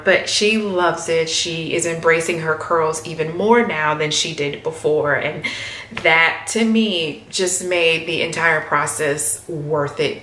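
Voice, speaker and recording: A woman in her thirties talks casually to her camera, filling pauses with "um" and acting out what her family said. Her voice sits a little low for a woman. The room is echoey, heard at home. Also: pushed and bright. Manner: chatty, many "um"s and quoted voices of family. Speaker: hair vlogger.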